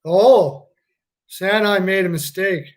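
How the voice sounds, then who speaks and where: A man's voice: sits high, takes it slowly. A man hosting a live stream, reacting casually to a hockey game. He jokes, laughs a lot and swears freely.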